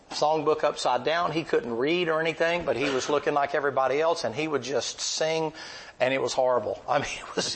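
An older man preaching a folksy, animated sermon full of stories. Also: mid-range voice, vocal fry, a little hiss or hum. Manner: folksy, animated, acts out voices. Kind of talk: sermon with storytelling.

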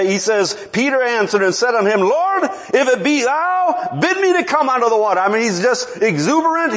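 Animated male preacher with a high voice who questions his congregation and chuckles as he speaks. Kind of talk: sermon.

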